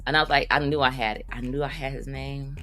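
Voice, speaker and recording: A woman comedian rambles through her stories in a casual, animated monologue. Her voice sits low yet comes across bright and forceful. Now and then she flips into high, squeaky voices to quote people, and faint music plays behind her. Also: fast talker. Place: Las Vegas.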